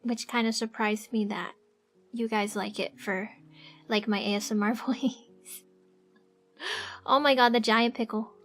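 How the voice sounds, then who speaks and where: A woman streamer chatting casually with viewers while she draws, soft-spoken and halting, with many fillers and little giggles. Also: fairly high pitch, steady tone, soft background music. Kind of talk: casual live-stream chat. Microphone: desk microphone.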